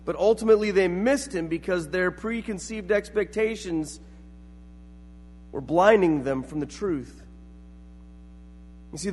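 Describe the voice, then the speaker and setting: In a reverberant hall, a high-voiced pastor preaches a sermon, telling the story and acting out the quotes.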